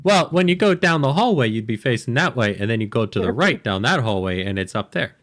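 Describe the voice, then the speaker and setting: A man's voice: medium pitch, animated, a little fast, fairly bright tone, dry recording, clean studio sound. A man narrating as game master of a tabletop game, loose and rambling with hesitant fillers.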